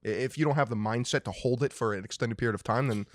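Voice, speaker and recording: A man co-hosting a podcast, joking around in a goofy, boastful way with sudden loud bits. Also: medium pitch, fast, no room sound, studio quality. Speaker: podcast co-host. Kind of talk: casual podcast banter.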